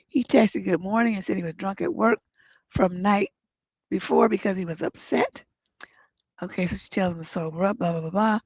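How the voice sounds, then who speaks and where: A middle-aged woman hosts a relationship advice livestream in a mid-range, gravelly, darkish, slightly rough voice, sounding congested. She reads viewer letters aloud, then gives blunt, profane advice, growing emphatic. The dry recording has dull lo-fi stream audio.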